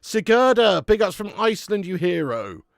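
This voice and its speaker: A chatty young man hosts a live football watch-along, reading out viewer comments and laughing between remarks. His voice sits fairly high and swings widely in pitch, with a gravelly creak. The sound is dry and close. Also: sing-song, moderate pace, no room sound. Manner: chatty and laughing, swears freely, calls viewers mate.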